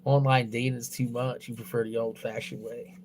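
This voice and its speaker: A young man talks casually on a livestream at a middle pitch. He is crude and blunt, swears in nearly every sentence, and rambles with restarts. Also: level tone, a little fast, darkish tone, a little hiss or hum. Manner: loose, rambling delivery with restarts.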